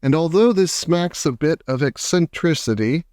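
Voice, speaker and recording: A man's voice: fairly high pitch, animated, normal speed, no room sound, studio quality, close to an everyday voice. A man reading aloud voices a friendly young boy who recites playful verses. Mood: reciting. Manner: bright, welcoming, sing-song verse.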